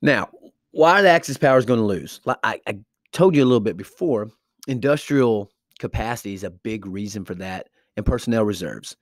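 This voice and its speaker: A man's voice: lowish voice, lively intonation, a little fast, dry recording, clean studio sound. A man teaching a history lecture in a loose, informal way, with fillers and restarts, speaking directly to his students. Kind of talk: classroom lecture.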